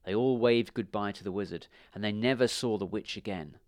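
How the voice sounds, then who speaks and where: A man reading a children's storybook aloud with expressive delivery. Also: lowish voice, brisk, dry recording.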